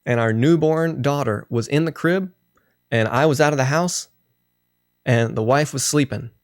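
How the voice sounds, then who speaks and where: A man voicing an earnest old farmer who tells a long story in a slow, folksy way. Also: medium pitch, clear, resonant tone, dry recording, clean studio sound, natural voice.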